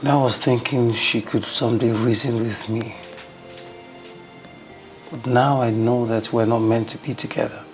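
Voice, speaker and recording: A man's voice: medium pitch, steady tone, normal speed, long pauses, soft background music, lightly acted. A man as a resigned jilted lover. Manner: resigned, firm. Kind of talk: Nollywood film acting.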